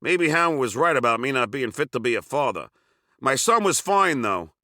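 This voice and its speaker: Lively, bright-voiced man telling crude stories. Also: mid-range voice, normal speed, dry recording, clean studio sound. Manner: crude, sarcastic storytelling. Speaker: memoir narrator. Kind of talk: reading his own memoir aloud.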